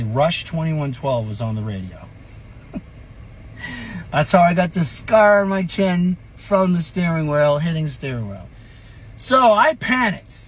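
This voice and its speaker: A middle-aged man telling a story from his youth in an animated, profane, chuckling way. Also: sits high. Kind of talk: casual storytelling vlog.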